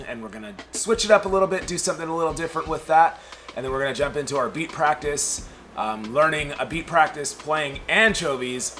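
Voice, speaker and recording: Upbeat bright-voiced male drum teacher. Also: mid-range voice, slight background noise. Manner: upbeat, repeats "we're gonna jump into". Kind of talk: recorded online lesson.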